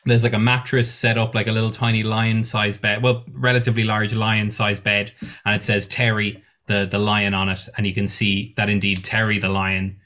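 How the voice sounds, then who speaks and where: A man's voice: on the low side, flat delivery, normal speed, hardly any pauses, sharp tone. A man narrating a tabletop game as game master, casual, swearing and full of fillers.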